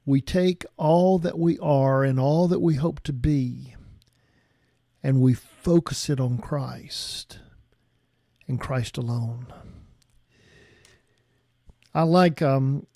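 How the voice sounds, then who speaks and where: Guy preaching real slow, warm mellow tone, kinda higher voice, dry close sound. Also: no echo. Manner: slow and reflective, with frequent restarts. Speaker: pastor. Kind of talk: sermon.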